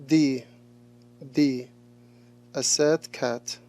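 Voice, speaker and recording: A male English teacher talking through a lesson, slowly repeating each answer and praising the replies. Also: medium pitch, steady tone, warm tone. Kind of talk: recorded classroom lesson.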